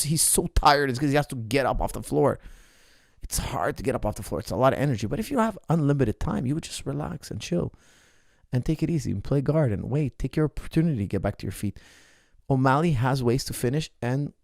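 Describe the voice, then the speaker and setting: A man's voice: medium pitch, creaky, a little mellow, no room sound, clean studio sound. A man, an MMA coach, recapping a fight in casual podcast talk, emphatic and repeating his points.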